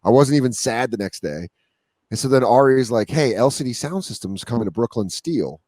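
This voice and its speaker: Man telling lively stories, dry studio sound. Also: mid-range voice, a little fast, dry recording. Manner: animated storytelling, acts out quotes. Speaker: guest comedian. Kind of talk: casual chat.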